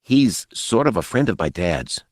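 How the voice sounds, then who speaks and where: A man voicing a frightened, nervous teenage boy who talks in a high, anxious voice. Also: sing-song, a little slow, dry recording, clean studio sound.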